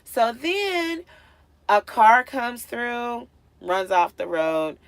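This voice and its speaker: A woman vlogger telling a story casually to her viewers, animated and acting out what people said. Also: on the high side, very slow, no echo. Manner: animated, acts out quotes with big swings in loudness.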